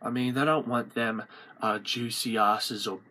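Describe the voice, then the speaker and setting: A man's voice: medium pitch, steady tone, unhurried. A man playing an attention-seeking teenage girl who overshares, talking hesitantly in a comedy sketch. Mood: flat. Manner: hesitant, quiet, filler-heavy.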